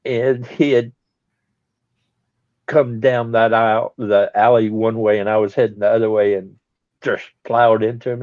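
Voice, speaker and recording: A man's voice: fairly low pitch, flat delivery, measured pace, pauses often, darkish tone, no echo. A man telling a rambling, chuckling story during a casual live chat. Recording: dull lo-fi live stream audio.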